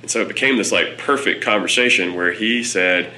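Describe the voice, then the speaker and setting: Deep, bright-toned man telling a story. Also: a little fast, hardly any pauses, slight background noise, low-quality recording. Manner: conversational storytelling, hesitant fillers. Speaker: executive director. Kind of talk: interview.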